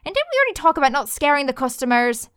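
A woman's voice: sits high, sing-song, rapid-fire, fairly bright tone, no room sound, clean studio sound, pitched above the performer's own voice. A woman voicing a cheeky young female monster hunter with a teasing, breezy manner. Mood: exasperated.

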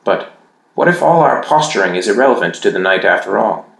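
A man voicing a young girl apprentice in an audiobook, his pitch raised, earnest and shaken. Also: animated, brisk, vocal fry, a bit bright, reverberant, poor audio.

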